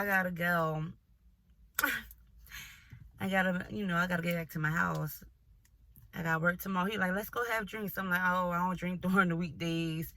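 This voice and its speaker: A young woman vlogger telling a dating story in a casual, animated and profane way, often breaking into laughter. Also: lowish voice, vocal fry. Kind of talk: storytime vlog.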